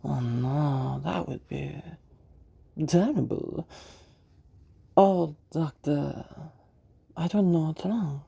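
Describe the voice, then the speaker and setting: A man voicing a sly, sinister woman villain, drawing out his words slowly and stressing only certain ones. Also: fairly high pitch, vocal fry, breathy edge, exaggerated voice. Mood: mock concern. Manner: slow, drawn-out, oddly flat delivery.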